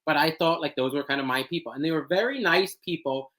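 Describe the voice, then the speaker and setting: A young man speaking as a podcast guest, talking casually and hesitantly with many pauses and restarts as he searches for words. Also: fairly high pitch, fairly bright tone, rough recording. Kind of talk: casual interview conversation.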